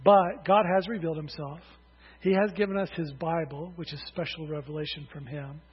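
In a high, slightly husky voice, a male preacher delivers a sermon at normal speed with fairly even intonation, raising his calls emphatically toward the congregation. A long hall reverb surrounds the dull, lo-fi recording.

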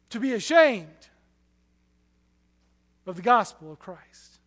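A man preaching a sermon, telling stories with passion, his loudness rising and falling sharply. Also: sits high, very animated, takes it slowly, long pauses, in a large hall.

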